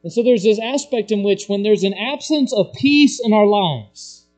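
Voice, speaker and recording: Guy preaching, highish voice, reads bible verses then rises with emphasis, faint hum underneath. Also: normal speed, a little mellow. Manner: preaching, reading scripture aloud with rising emphasis. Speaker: pastor. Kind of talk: sermon.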